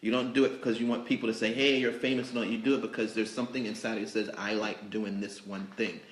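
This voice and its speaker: A man hosting a casual live interview in a store, effusive and emotional, with bursts of excited chatter. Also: fast, roomy sound. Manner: excitable, effusive, emotional, jumps into high mock voices. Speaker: host. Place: cake supply store.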